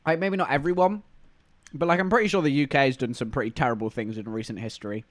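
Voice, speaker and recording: A man's voice: mid-range voice, fast talker, dry recording. A man with an English accent, chatting casually and rambling to viewers on a live stream. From England.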